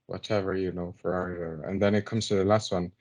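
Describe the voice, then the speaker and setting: A young man co-hosting a casual sports podcast, telling stories in an animated way with fillers. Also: sits low, fast. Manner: animated storyteller, mimicking laughter. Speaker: podcast co-host.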